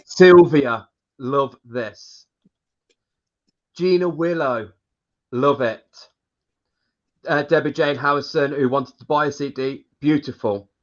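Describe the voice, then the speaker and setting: A man hosting a live online show, chatting casually and reading out viewer comments. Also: medium pitch. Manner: unhurried, reads out viewer comments. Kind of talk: casual live-stream chat. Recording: dull lo-fi live-stream audio.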